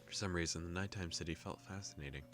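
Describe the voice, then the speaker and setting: A young man hosting a gaming video, calmly reading a visual novel aloud with joking asides. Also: low-pitched, quick pace, soft background music.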